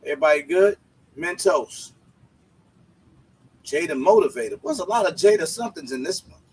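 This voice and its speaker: A man's voice: fairly high pitch, lively intonation, normal speed, slightly rough, low-quality recording. A man hosting a casual livestream, greeting viewers by name in laid-back slang. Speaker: livestream host.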